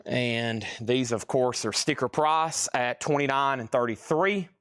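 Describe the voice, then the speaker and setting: A man hosting a live-streamed record sale, chatting quickly through prices and buyer names, a bit out of breath. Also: medium pitch, fairly bright tone, clean tone, dry recording, clean studio sound.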